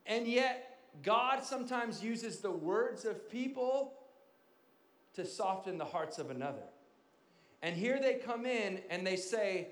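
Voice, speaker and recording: A male pastor preaching a sermon, swinging from loud emphasis down to quiet, hushed asides. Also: extremely high pitch, expressive, slow, roomy sound.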